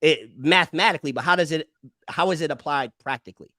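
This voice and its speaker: A man with a slightly high voice works through his argument in halting starts and restarts. The sound is dry and close to the mic. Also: bright, forceful tone, no room sound. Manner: halting, restarts, explains step by step. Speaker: podcast host and barber. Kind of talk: casual debate conversation.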